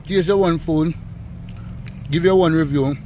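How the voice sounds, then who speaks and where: A young man with a Jamaican accent bantering playfully with his mother while she cooks, giving shout-outs to viewers. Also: a little high, measured pace, a little hiss or hum. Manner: playful, joking, shouts out to fans. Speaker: co-host, son of the cook. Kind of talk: casual cooking vlog banter.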